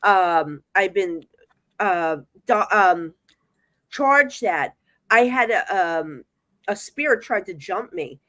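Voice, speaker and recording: A psychic medium with a New Jersey accent appears as a guest, telling ghost stories in casual conversation, animated and acting out the voices she quotes. She has a mid-range voice, speaks slowly, and there's no echo.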